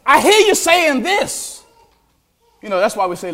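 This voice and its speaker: A male pastor preaching a sermon, animated, asking the congregation questions directly. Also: very high-pitched, unhurried.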